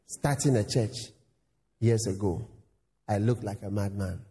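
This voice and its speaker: A male pastor preaching a sermon, acting out dialogues with lively voices. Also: lowish voice, measured pace, long pauses, in a large hall. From Ghana. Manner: animated, acts out dialogues in voices.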